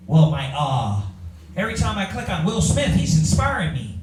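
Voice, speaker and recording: A man teaches a Bible class in a preaching style, firing rhetorical questions at his listeners and calling on readers. His high voice swoops wildly in pitch at a moderate pace. He's recorded from far off in an echoey room, with a little hiss or hum.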